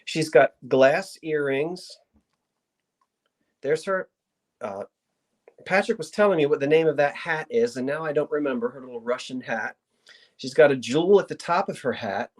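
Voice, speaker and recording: A woman's voice: low-pitched, normal speed, long pauses. A woman hosting a live online sale, describing an item in casual, rambling chat full of asides.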